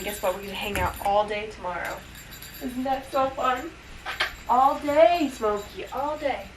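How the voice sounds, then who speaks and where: A woman's voice: mid-range voice, normal speed, background noise. A woman vlogging at home and reading a bedtime story to her baby, playful and sing-song with animal sounds. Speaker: vlogger, mother.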